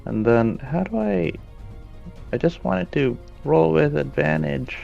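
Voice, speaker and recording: A man's voice: a little high, expressive, takes it slowly, vocal fry, dull audio, soft background music. A man playing a tabletop game, hesitantly asking how rolls and rules work. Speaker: player.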